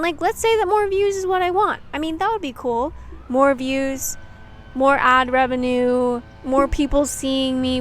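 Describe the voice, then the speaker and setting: A woman's voice: high-pitched, a bit bright, a little hiss or hum. A young adult woman, a video creator, talking candidly to camera in a rambling, reflective way, full of "like" and the odd swear word. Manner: rambling and candid, heavy use of "like", casual swearing. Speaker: YouTube creator. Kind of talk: reflective casual monologue to camera.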